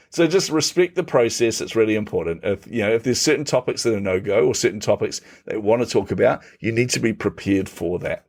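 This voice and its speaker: On a podcast, a middle-aged guest with a voice on the low side tells conversational stories a little fast, with few pauses. He gets animated, laughs frequently and imitates what other people said.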